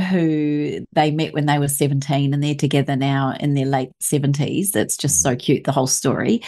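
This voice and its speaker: A woman's voice: deep voice, darkish tone. A woman hosting a casual chat, asking long, winding questions. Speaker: host.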